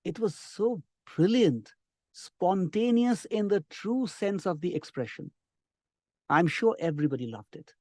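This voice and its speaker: A middle-aged man, teaching an online spoken class with lively, encouraging emphasis. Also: sits high, dry recording, clean studio sound. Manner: lively, encouraging, lots of emphasis and drawn-out words. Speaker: English communication trainer.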